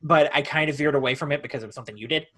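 A young man co-hosting a podcast, telling a story in a casual, animated way with frequent laughter and restarts. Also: on the high side, rapid-fire. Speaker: podcast co-host.

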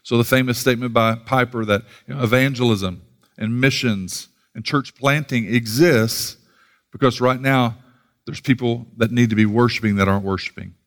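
A man's voice: medium pitch, moderate pace. A man from the United States preaching a sermon, earnest, often repeating words as he starts a thought and reading scripture aloud. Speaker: pastor.

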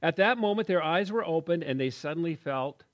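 Animated man in his sixties preaching. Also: fairly high pitch, a little fast. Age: 60s. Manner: animated storytelling with jokes and asides. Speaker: pastor. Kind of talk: sermon.

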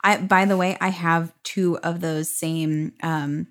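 A woman's voice: on the low side, steady tone, slow pace. A woman in her thirties co-hosting a podcast, agreeing and supportive in casual chat. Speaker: podcast co-host.

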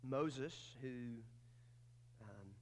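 A man's voice: medium pitch, very slow, a little mellow, a little hiss or hum. A man, preaching a sermon as pastor in a casual, folksy storytelling way with many fillers.

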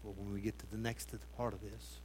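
A man preaching a sermon, asking his congregation rhetorical questions and swinging between loud emphasis and hushed tones. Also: fairly low pitch, level tone, brisk, a little hiss or hum.

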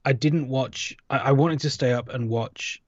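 A man's voice: medium pitch, unhurried, no room sound, muffled recording. A British man co-hosting a podcast, chatting casually and laughing at himself. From Britain. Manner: chatty, self-mocking, laughs often. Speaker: podcast co-host. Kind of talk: casual chat.

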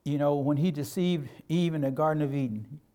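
An older male pastor delivering a sermon, his voice sitting high for a man. He preaches in a folksy, emphatic way, full of colloquial turns and direct appeals to the listener. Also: fairly quick, mellow.

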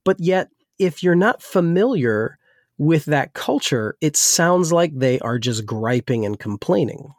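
New Jersey-raised pastor, dry close sound. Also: male voice, fairly high pitch, big pitch swings, measured pace, no echo. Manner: rambling, with many restarts. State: slightly weak voice. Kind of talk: casual discussion.

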